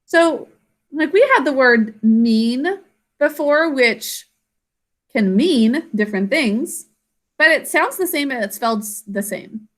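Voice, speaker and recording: A woman's voice: sits high, animated, slow pace. A woman teacher giving a spelling lesson, explaining patiently step by step and encouraging her students. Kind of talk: classroom instruction.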